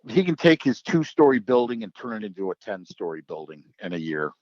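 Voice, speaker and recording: Lively low-voiced man, announcer. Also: brisk, dry recording, lo-fi sound. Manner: animated storyteller acting out quoted voices. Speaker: drag racing track announcer. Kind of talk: casual podcast storytelling.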